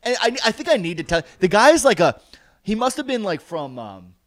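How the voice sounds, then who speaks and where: A man telling a story in casual chat, animated and profane, with lots of "like". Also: high-pitched, brisk, no echo.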